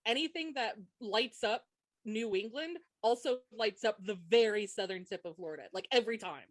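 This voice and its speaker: A woman co-hosting a podcast in easy, chatty talk, often laughing. Her voice sits a little high. The recording is dry and close. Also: normal speed, no echo. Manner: chatty, laughs often, reads quiz questions aloud. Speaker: podcast co-host. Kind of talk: casual chat.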